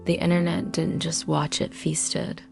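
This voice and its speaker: A woman's voice: low voice, little pitch movement, unhurried, creaky, music in the background. A woman narrating a scripted dramatic story in punchy short sentences.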